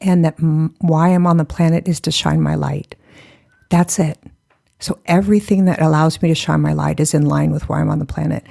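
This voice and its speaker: Podcast guest, woman, gravelly, mellow tone, earnest and expressive storyteller. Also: deep voice, normal speed. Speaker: podcast guest, speaker and spiritual teacher. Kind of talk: animated personal storytelling.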